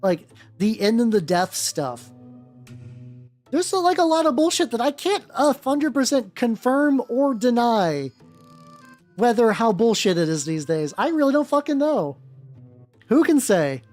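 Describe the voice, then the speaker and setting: A woman paints while hosting an easygoing livestream, speaking slightly slowly in a somewhat high, very animated voice with a darkish tone. She rambles, curses a lot and restarts many times. There's faint music in the background.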